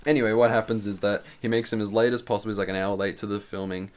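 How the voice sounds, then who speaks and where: A man's voice: on the low side, steady tone, fast talker. A man, co-hosting a podcast and retelling a film in a loose, rambling way. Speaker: podcast co-host. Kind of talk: casual chat recapping a film.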